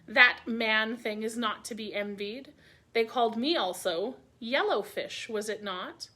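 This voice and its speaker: A woman voicing a proud, menacing male python who talks in a deliberate, hissing way in a storybook reading. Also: a little high, pushed and bright. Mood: scornful.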